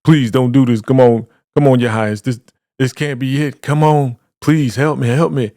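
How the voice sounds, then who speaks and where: A man's voice: mid-range voice, steady tone, normal speed, warm tone, no echo, clean studio sound, pitched above the performer's own voice, lightly acted. A man voicing a desperate man begging for his life, frantic and pleading.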